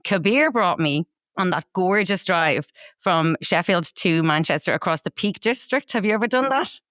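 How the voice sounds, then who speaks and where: A woman's voice: on the low side, expressive, normal speed, fairly bright tone, no room sound, studio quality. A woman co-hosting a podcast, telling a fond travel story in a casual chat, with some laughter. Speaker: podcast co-host.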